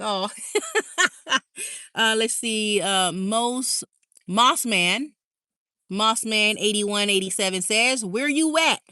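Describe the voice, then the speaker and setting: A woman's voice: mid-range voice, sharp tone, dry recording, studio quality. A woman hosting a casual livestream, reading out viewer comments in a bubbly, chatty way and laughing often. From California. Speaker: livestream host.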